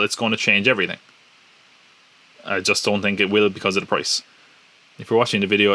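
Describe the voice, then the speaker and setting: A man's voice: lowish voice, bright, forceful tone. A man hosting a casual solo podcast, chatty and joking, with lots of fillers and restarts. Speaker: podcast host.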